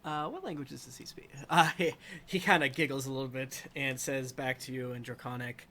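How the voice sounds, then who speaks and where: A man's voice: mid-range voice, fairly quick, few pauses, pushed and bright. A man narrating a tabletop game as dungeon master, rambling and filling gaps with ums and uhs. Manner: rambling, full of fillers.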